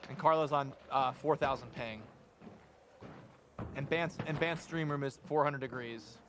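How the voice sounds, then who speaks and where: A man's voice: medium pitch, measured pace, noisy background. A man chatting casually and with lots of jokes alongside a streamer while they game together. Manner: animated, jokey. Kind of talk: casual chat while gaming.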